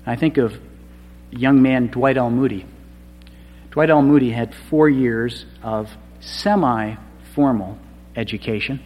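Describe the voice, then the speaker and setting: A man preaching a sermon, with a dramatic delivery that swings from hushed passages to loud, emphatic cries. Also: mid-range voice, faint music behind. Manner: slow, dramatic delivery swinging from quiet to shouted. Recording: long hall reverb.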